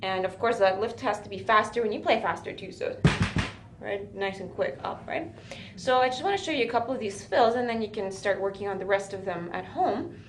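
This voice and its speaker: A woman's voice: mid-range voice, slight background noise. A woman teaching a drum lesson, talking patiently and often checking with "right?". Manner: patient, counts beats aloud, says "right?" often. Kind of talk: music lesson for a student. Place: music school room with a drum kit. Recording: echoey room with loud drums. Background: drum playing.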